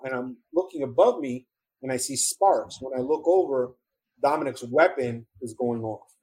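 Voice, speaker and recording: A husky middle-aged man with a New York accent tells his story in the first person. He speaks earnestly and with feeling, often restarting his sentences. His voice sits in an ordinary middle pitch. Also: moderate pace, darkish tone, poor audio. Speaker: former police officer telling his survival story. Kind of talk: first-person testimony in an interview.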